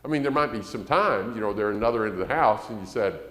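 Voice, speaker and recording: Man, preacher, conversational sermon, deep voice, animated pitch, echoey church hall with long reverb. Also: quick pace. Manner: conversational preaching with acted-out quotes and rising emphasis. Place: church sanctuary.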